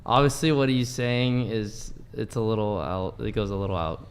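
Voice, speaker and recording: A man guest on a dating panel talks in a lowish, smooth, resonant voice. He rambles through his opinion, stacking fillers and restarting his sentences. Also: fairly even intonation, moderate pace. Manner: rambling, filler-heavy, full of "like". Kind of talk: casual opinion chat.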